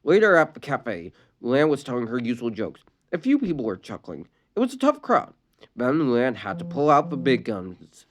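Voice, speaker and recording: A storyteller reads a fan-written sad story aloud. The delivery is expressive, with a lively, swooping pitch and the odd stumble and restarted word. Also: moderate pace.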